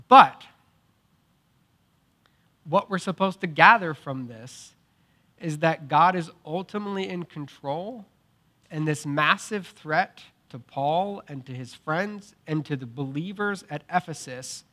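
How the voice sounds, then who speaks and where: A young adult man preaching a sermon, telling the story in a casual, animated way with filler words and acted-out quotes. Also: a little high. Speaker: pastor.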